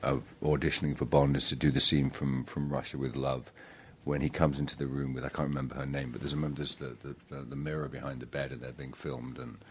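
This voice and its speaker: A middle-aged man, a guest actor on a casual podcast interview, who tells stories in a halting, self-deprecating way, often restarting his sentences. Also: a bass voice, level tone, slight background noise.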